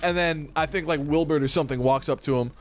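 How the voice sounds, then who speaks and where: A man's voice: a little high, fast, soft background music. A man streaming a game while telling a story in a rambling, profane way, full of "dude" and "like". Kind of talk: casual storytelling while gaming.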